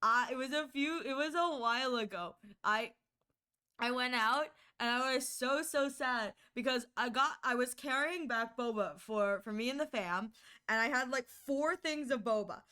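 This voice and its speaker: Young woman streamer, high-pitched, chatty and animated, squealing as she tells stories. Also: normal speed, smooth. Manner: animated storytelling with squeals and many "like"s. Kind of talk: casual chat.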